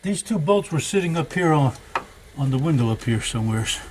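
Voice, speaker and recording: A man's voice: fairly high pitch, animated, a little fast, a little mellow, a little hiss or hum. An older man chatting folksily to viewers as he works on an engine in his home workshop, rambling from one thought to the next. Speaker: home mechanic vlogger. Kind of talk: casual workshop vlog.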